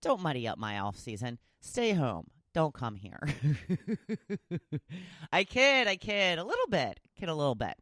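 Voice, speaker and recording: Lively, chatty woman podcaster. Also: low voice, measured pace, pauses often, no room sound, clean studio sound. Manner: chatty and self-teasing, jokes and laughs at herself; encouraging, motivational. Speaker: podcast host. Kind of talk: casual solo podcast monologue.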